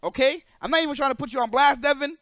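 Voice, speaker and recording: A man streaming live, telling a story in an animated way, emphatic and profane and repeating himself for emphasis. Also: very high-pitched, fast, no room sound, studio quality.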